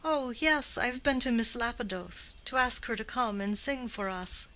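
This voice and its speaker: A woman reading the part of a proud, angry young wife, speaking in a biting, sharp tone. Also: on the high side, a little slow, pitched above the performer's own voice. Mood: biting anger. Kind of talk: audiobook character reading.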